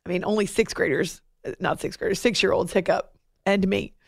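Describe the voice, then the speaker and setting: A woman's voice: medium pitch, fairly even intonation, normal speed, creaky, slightly rough, dry recording, clean studio sound. A woman hosting a sports talk show, chatty and playful, with joking asides to her producer.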